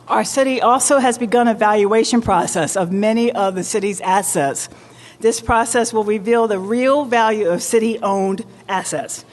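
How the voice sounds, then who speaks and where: A woman mayor giving a formal public address with deliberate, emphatic oratory in a large indoor market hall. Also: medium pitch. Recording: long reverb of a large hall.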